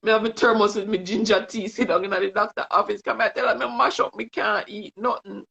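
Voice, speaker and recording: A woman's voice: medium pitch, fairly even intonation, brisk, vocal fry, fairly bright tone. A woman with a Jamaican accent, a guest telling earnest, emotional stories in casual chat. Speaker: guest, vision board coach. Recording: dull lo-fi stream audio.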